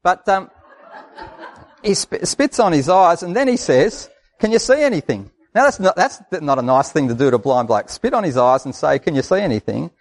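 A man's voice: a little high, big pitch swings, normal speed. An Australian man preaching a sermon in a conversational, folksy way, repeating phrases for emphasis.

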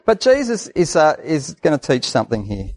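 A man's voice: on the high side, huge pitch swings, moderate pace. An Australian man preaching a sermon in a conversational, folksy way, repeating phrases for emphasis.

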